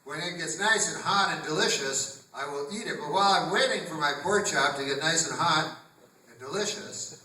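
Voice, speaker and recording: A man doing stand-up comedy in a theater, rambling and deadpan, breaking into loud put-on voices. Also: a little high, moderate pace, slight background noise. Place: theater stage. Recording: grainy, echoey theater recording from far off. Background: audience laughter.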